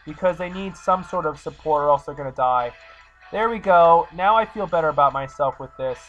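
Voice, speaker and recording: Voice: mid-range voice, brisk, a bit bright. A gamer giving let's play commentary, exasperated and talking back to the game. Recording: slightly muffled recording, faint game music.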